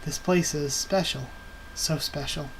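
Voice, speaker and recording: A man's voice: on the high side, fairly even intonation, measured pace, slight background noise, low-quality recording. A man reading as a weary grieving survivor leader. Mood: wistful.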